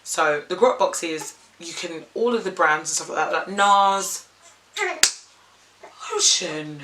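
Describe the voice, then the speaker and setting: A woman's voice: on the low side, slow pace, a bit bright, a little hiss or hum. A young woman and makeup artist, rambling candidly in an unscripted vlog and swearing freely.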